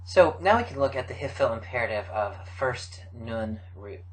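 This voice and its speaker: A middle-aged man giving a recorded grammar lecture, explaining forms in a measured way with frequent fillers. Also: mid-range voice, expressive, rough recording. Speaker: Biblical Hebrew teacher.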